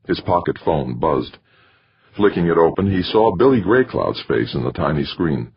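A man reading a novel aloud as an audiobook narrator, in expressive storytelling. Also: deep voice, normal speed, gravelly, slightly rough, muffled recording. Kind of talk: scripted narration.

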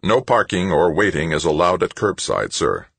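Male narrator doing a curt little police robot, stiff, loud and clipped, with a husky edge. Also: low-pitched, big pitch swings, normal speed, no echo, pitched above the performer's own voice, exaggerated voice. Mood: stern. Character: stubby police robot, curt and rule-bound.

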